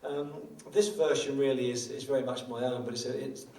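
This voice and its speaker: An older guitarist banters between songs at a small live venue, his mid-range voice fairly even and a little fast. He rambles, mocking himself and tossing in joking asides. The room sounds spacious, the mic is distant, and guitar can be heard.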